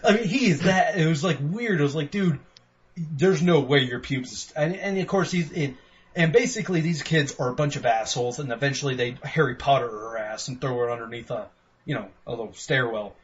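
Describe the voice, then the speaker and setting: A man co-hosting a podcast game review, ranting profanely and excitedly while acting out quotes. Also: mid-range voice, brisk. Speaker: podcast co-host. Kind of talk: casual game review chat. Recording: dull lo-fi sound with faint noise.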